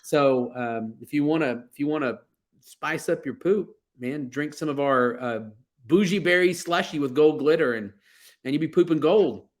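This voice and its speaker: A man's voice: on the high side, moderate pace. A man, a brewery owner chatting casually and joking about his beers. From Texas. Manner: laid-back, joking, talks through fillers and restarts. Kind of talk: casual interview on a livestream.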